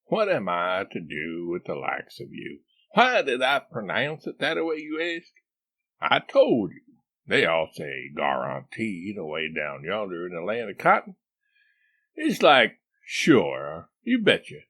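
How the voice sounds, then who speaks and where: A man's voice: low voice, wildly swooping pitch, a little slow, bright, forceful tone, heavily acted. A man voicing a boastful, bumbling man who puts on a Southern US drawl and talks in a pompous, chiding, folksy way. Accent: put-on Southern US drawl. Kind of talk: audiobook character voice.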